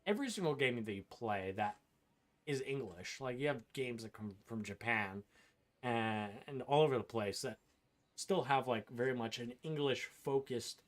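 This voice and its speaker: A man playing through a video game on stream, talking casually over the action. He airs strong, profane opinions in a loose, offhand way, at an ordinary pitch for a man. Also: expressive, moderate pace. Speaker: gaming streamer. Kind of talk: casual gameplay commentary.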